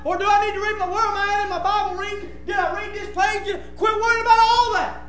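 A man preaching a sermon, impassioned and often breaking into shouts. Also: extremely high pitch, flat delivery, fast talker, hardly any pauses, echoey room.

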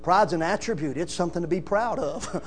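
A man, rising into loud emphatic calls and peppering his sermon with "amen". A low mains hum runs under the recording. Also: fairly quick, faint music behind. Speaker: preacher.

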